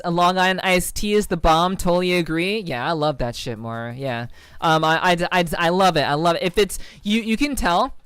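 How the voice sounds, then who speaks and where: A woman's voice: fairly low pitch, smooth, dry recording. A woman streamer from New Jersey chatting casually with viewers, rambling, repeating herself and swearing cheerfully. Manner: rambling, stammering restarts, cheerfully profane. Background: faint music.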